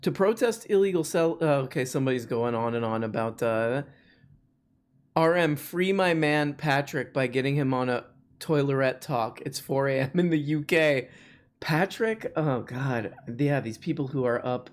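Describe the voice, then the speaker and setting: A livestream host keeps up a casual, rambling chat. The talk is full of jokes and quick asides, in a voice of middling pitch. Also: lively intonation. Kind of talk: casual live-stream chat.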